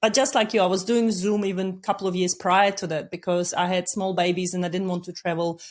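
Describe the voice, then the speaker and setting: A woman hosting a podcast, deliberately slowing her speech as she chats with a guest over a video call. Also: on the low side, little pitch movement. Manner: warm-paced, deliberately slowed speech, laughs often. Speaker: podcast host. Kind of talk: casual interview chat.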